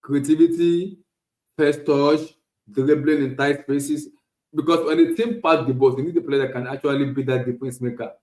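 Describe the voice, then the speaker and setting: A man hosting a casual solo football talk stream, animated and repetitive, often restarting phrases. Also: medium pitch, moderate pace, echoey room, low-quality recording. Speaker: podcast host. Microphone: streaming setup.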